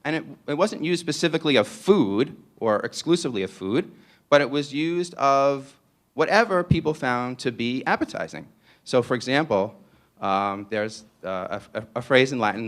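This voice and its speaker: A man's voice: mid-range voice, fairly bright tone. A man from New York with a New York accent gives a public lecture in a playful, digressive way and often asks "right?".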